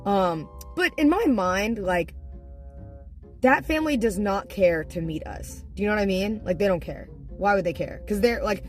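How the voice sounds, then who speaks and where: A young woman streamer telling a family story casually to her viewers, animated, laughing and swearing freely. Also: medium pitch, normal speed, soft background music.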